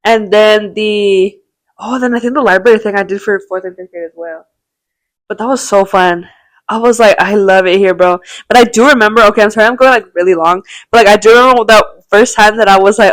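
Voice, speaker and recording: A woman's voice: mid-range voice, brisk, no room sound. A young woman in her twenties, a podcast co-host telling long rambling stories in slangy casual chat, full of "bro" and swearing.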